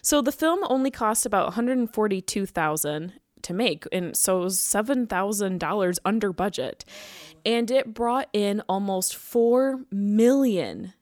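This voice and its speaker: A woman's voice: mid-range voice, expressive, unhurried, darkish tone, no echo, studio quality. A young woman co-hosting a casual podcast, chatty as she reads film history with side remarks. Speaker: podcast co-host.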